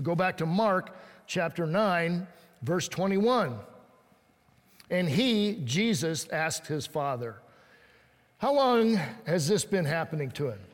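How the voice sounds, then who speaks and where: A man with a high voice preaches in a relaxed, conversational way, reading scripture aloud and voicing the people in it. The sound carries a long hall reverb, as if he stands in a large church. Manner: conversational preaching, acts out quoted lines. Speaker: pastor. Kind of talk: sermon.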